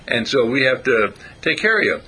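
A man's voice: mid-range voice, big pitch swings, normal speed, bright, forceful tone, husky. A man giving an informal spiritual talk to a small group, asking his listeners questions and chuckling often. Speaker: spiritual teacher.

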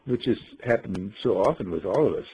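A man leading a group in a folksy storytelling talk, asking rhetorical questions and often clearing his throat. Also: on the low side, expressive, brisk, lo-fi sound. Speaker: group leader telling a story.

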